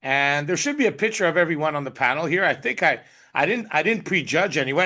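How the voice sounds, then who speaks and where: A man's voice: fairly high pitch, animated, fairly quick, hardly any pauses, bright, forceful tone. A man hosting an online team recap call, effusive and exuberant, often laughing, speaking over a video call. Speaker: host.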